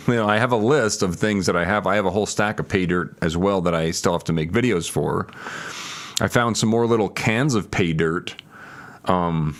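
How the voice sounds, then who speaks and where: Male streamer, deep register, loose rambling gameplay commentary with viewer replies. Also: normal speed. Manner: thinks aloud, hedging and restarting. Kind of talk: casual live-stream chat while gaming.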